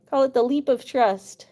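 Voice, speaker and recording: A woman with a high voice talks casually on a live stream. She coos at her cat in sing-song baby talk, then chats with viewers as she reads their messages aloud. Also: dark tone. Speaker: livestreamer with pet cats.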